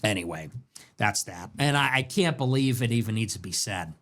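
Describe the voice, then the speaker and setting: A man hosting a late-night livestream commentary show, ranting in a heated, animated way and repeating himself with restarts as he works himself up. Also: on the low side, normal speed. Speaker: show host.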